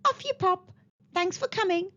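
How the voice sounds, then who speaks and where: Lady reading a bratty little princess who tells fibs, high and sing-song, kinda muffled recording. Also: moderate pace, a bit bright. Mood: sly. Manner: sly, teasing, prone to fibbing. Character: bossy mischievous girl princess turned shepherd. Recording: slightly dull lo-fi recording.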